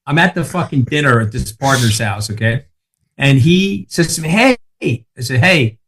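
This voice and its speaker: A man's voice: medium pitch, lively intonation, normal speed, fairly bright tone, slightly rough. Brash Long Island man in his sixties. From Long Island, New York. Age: 60s. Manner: brash, emphatic storyteller who swears. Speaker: guest. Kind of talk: casual podcast chat.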